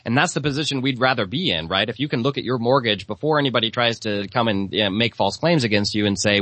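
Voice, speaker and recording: A man hosting a talk show, quick and agreeable, prompting his guest with questions. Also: mid-range voice, a bit bright, dry recording. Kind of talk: casual talk show conversation.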